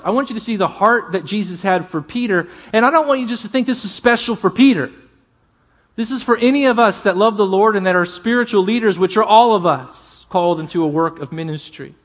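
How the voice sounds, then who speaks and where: A pastor preaching a sermon, earnest and emphatic, often dropping to a hush. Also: male voice, high-pitched, brisk.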